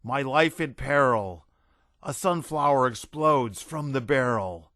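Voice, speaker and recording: A man's voice: mid-range voice, lively intonation, slow, bright, forceful tone, no room sound, clean studio sound. A man voicing a blustering, raving army general who bellows and rants. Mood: ranting verse. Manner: bellowing, ranting, unhinged.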